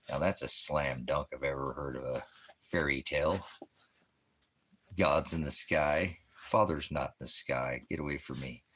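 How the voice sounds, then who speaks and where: Very deep-voiced man in a mocking rant. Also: a little slow, pauses often, pushed and bright, husky. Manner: mocking, sarcastic, chuckling between jabs. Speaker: ministry host. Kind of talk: ranting religious commentary.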